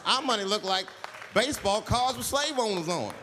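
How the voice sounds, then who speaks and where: A stand-up comedian performs to a live room, his voice riding high and swinging widely as he tells his bits. The recording carries the long echo of a big hall and a faint ambient hiss. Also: normal speed, some chatter behind. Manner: animated, jumps into loud high put-on voices. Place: stage in a large hall.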